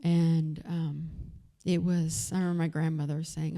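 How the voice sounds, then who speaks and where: Her voice is deep, warm and creaky, with a level tone and a slightly slow pace. Speaking at an event venue, this Texas-accented woman shares a personal story with the crowd in a frank, conversational way, using many fillers.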